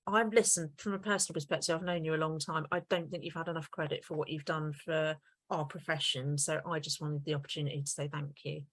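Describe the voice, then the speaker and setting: Chatty lower-voiced woman podcast host. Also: fairly even intonation, fast talker, no echo. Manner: warm, effusive, talks in long running sentences. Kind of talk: casual interview chat.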